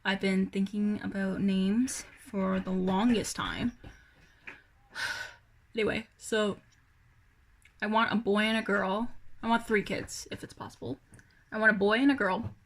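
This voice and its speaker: A woman's voice: mid-range voice, steady tone, a little slow, long pauses. A young woman rambling through a casual personal vlog, hesitant, with many fillers and sighs. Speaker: vlogger.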